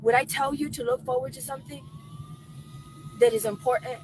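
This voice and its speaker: A woman with a high voice delivers an insistent, repetitive monologue from her car. A faint road hum sits behind her. She hammers each point by saying it again. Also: fairly even intonation, a little fast. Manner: insistent, repeats phrases for emphasis. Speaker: streamer in a played clip. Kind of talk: emphatic monologue.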